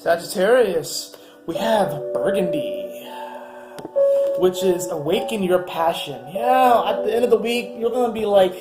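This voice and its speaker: A man's voice: high-pitched, lively intonation, unhurried, reverberant, over loud music. A man giving a casual weekly astrology reading, rambling and upbeat with lots of fillers. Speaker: astrology reader.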